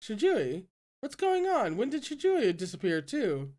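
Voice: medium pitch, moderate pace, a little mellow, natural voice. A reader voicing a flustered young male disciple in an audiobook, rambling and startled.

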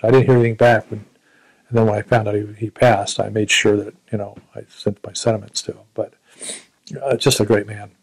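A man in his seventies from the United States, a veteran recalling his service in a reflective, halting way. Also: on the low side, flat delivery, husky, poor audio. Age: 70s. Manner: reflective, halting storytelling with frequent restarts. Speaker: Vietnam War veteran interviewee. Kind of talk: recounting personal memories.

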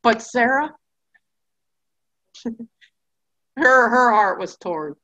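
A woman teaching a Bible study class in a lively storytelling style, acting out the people in her stories. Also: on the high side, very slow, low-quality recording. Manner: acts out characters' voices in quotes.

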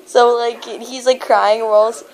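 A woman with a high, bright voice narrates her online game as she plays. She speaks at a slow, drawn-out pace, giggling and teasing the other players. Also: flat delivery. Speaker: gamer recording online match. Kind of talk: excited gameplay commentary.

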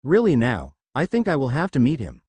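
A man's voice: mid-range voice, huge pitch swings, a little fast, darkish tone, slightly rough, no echo. A man doing a cocky teenage ninja boy. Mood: brash. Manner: cocky and blunt. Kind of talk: storybook reading.

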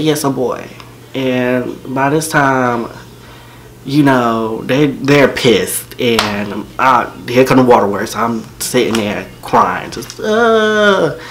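A man's voice: medium pitch, pushed and bright, a little hiss or hum. A man telling a personal story to camera in a casual, slangy, joking way.

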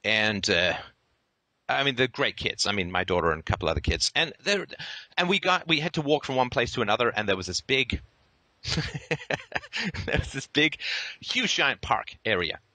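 Podcast host, male, fiery sarcastic monologue, animated delivery and a crisp, bright tone. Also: mid-range voice, normal speed, long pauses, no room sound. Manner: sarcastic, profane and theatrical. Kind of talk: impassioned ranting monologue.

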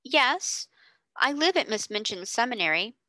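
A woman reading aloud, voicing a composed orphan girl with a soft, quietly firm manner. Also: on the high side, very animated, normal speed, no echo, pitched above the performer's own voice. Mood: earnest.

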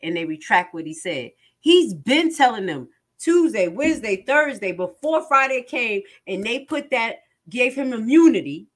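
Animated woman giving commentary. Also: fairly high pitch, normal speed, hardly any pauses. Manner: animated, emphatic, with rhetorical questions. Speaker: online commentator. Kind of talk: commentary on court transcripts.

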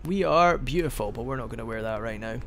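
A man's voice: mid-range voice, lively intonation, fast talker, vocal fry, a bit bright, a little hiss or hum. A man giving casual, rambling let's-play commentary as he plays, joking and often restarting his sentences. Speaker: gaming video host.

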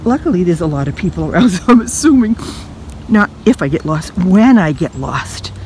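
A woman's voice: fairly low pitch, sing-song, brisk, a little mellow, a little hiss or hum. Older woman vlogging, breathless on a trail. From New England, USA. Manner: chatty, self-deprecating, talks to herself. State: out of breath from hiking. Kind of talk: casual walking vlog narration. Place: outdoors on wooded hiking trails.

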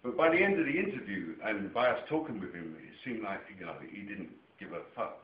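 An English man telling a rambling personal story to camera, heavily profane and excitable, dropping to a mutter one moment and nearly shouting the next. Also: on the low side, a little fast. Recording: echoey room, dull lo-fi camera sound, faint noise.

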